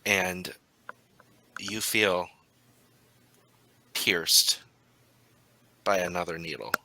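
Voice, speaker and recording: A man running a tabletop role-playing game as storyteller, narrating in an unhurried, halting way with frequent ums. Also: deep voice, gravelly, bright, forceful tone, slight background noise, rough recording.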